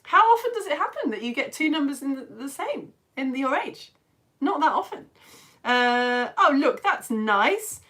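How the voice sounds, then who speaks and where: A woman's voice: high voice, animated, a little slow, a bit bright. A woman with a British accent hosting a live online science lesson for home-educated children, reading viewers' chat messages aloud in a bubbly, chatty way and laughing often. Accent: British English.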